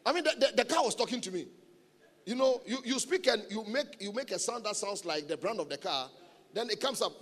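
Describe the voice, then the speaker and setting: A man preaching a sermon as a guest speaker at a church gathering. He is animated and humorous, and he repeats his key phrases for emphasis. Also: high-pitched, fast. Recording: long reverb of a large hall.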